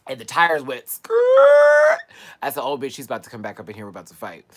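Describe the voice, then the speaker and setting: A man hosting a casual live stream, telling stories in a sassy, animated way full of playful slang. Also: mid-range voice, very fast. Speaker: livestream host. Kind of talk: casual livestream chat and storytelling.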